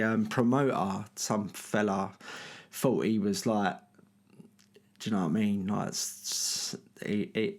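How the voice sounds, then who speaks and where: A man's voice: lowish voice, vocal fry. Guy, middle-aged, rambling story, tons of ums and restarts. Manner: rambling, filler-heavy, lots of "you know what I mean". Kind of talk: casual anecdote.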